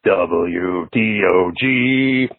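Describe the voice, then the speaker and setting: A drawling, chuckling old horror host, as a man puts him on, lingering over each word in a low, husky voice. It comes through a tinny voicemail phone line with no room sound. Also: drawn-out words, no room sound, full character voice. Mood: ghoulish, playful. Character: impression of a gravelly old male horror host.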